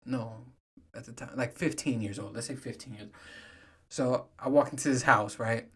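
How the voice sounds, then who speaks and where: A man's voice: mid-range voice, steady tone, normal speed, a bit bright, slightly rough. Profane man telling stories, laughing. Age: 30s. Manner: profane, storytelling, laughs often. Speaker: podcast host. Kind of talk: casual solo monologue.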